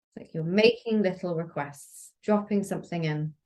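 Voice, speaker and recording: A woman somatic practitioner talking calmly and gently as a podcast guest, explaining body practices. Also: lowish voice, normal speed. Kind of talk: relaxed podcast conversation.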